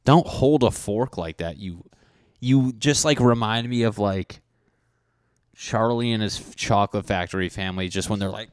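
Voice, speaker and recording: A man's voice: on the low side, moderate pace, smooth, dry recording. A young man hosting a podcast, ranting profanely and animatedly in a solo comedic monologue, often mocking people in put-on voices. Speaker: podcast host.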